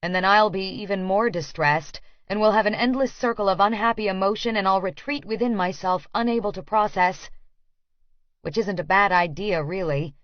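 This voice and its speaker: A woman reading a first-person story as an audiobook narrator, measured and earnest. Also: mid-range voice, no room sound. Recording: dry, slightly dull studio audio.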